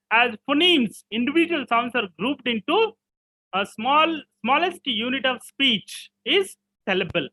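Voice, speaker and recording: A man's voice: extremely high pitch, bright, forceful tone, low-quality recording. A middle-aged man with an Indian English accent giving an online lecture, repeating key words and checking in with "okay?" after nearly every point.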